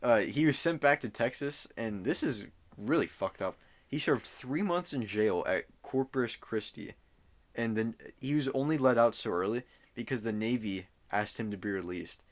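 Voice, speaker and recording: A man's voice: mid-range voice, expressive, normal speed. A young man co-hosting a podcast, telling a story loosely in casual chat, with fillers and swearing. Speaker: podcast co-host.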